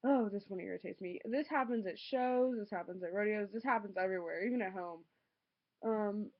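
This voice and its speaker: A teenage girl vlogging casually, ranting in an exasperated way with lots of fillers. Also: medium pitch. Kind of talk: casual vlog monologue. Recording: dull lo-fi home recording.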